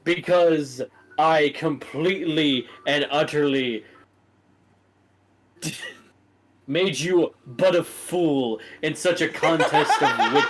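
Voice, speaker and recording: A man's voice: fairly high pitch, takes it slowly, pauses often, a little hiss or hum. A man doing a smug, cocky young man. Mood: mock-grand. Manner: smug, teasing, mock-grand.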